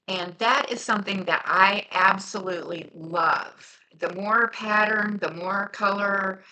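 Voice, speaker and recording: On a poor-quality recording, a woman with a lowish voice and a sharp tone chats aimlessly while crafting for her vlog. She carries a light Southern twang, comes from near Cincinnati just over the Ohio line, and keeps a journal, filling her casual talk with fillers.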